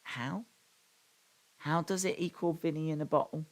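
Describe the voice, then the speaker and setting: A man's voice: on the high side, steady tone, moderate pace. A man hosting a live watch-along stream. He reads chat messages aloud and rambles in a self-deprecating way.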